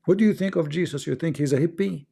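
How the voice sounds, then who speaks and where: A man's voice: on the high side, quick pace, gravelly, dark tone, breathy edge. A man hosting a livestream, talking casually in English and arguing through rhetorical questions. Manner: argumentative, asks rhetorical questions, non-native grammar. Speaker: livestream host.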